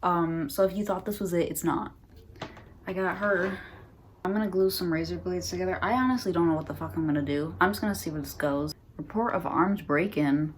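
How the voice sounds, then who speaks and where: Young woman vlogging, lower voice, rambling sarcastic chatter, phone mic, faint room noise. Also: brisk. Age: 20s. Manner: chatty, frequent "like", sarcastic and profane. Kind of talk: casual rambling chat to camera. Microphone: phone on a tripod.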